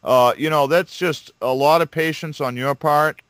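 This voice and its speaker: A man hosting an interview, sympathetic and halting, with many fillers. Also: fairly high pitch, fairly even intonation, a bit bright, clear, resonant tone, no echo. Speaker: host.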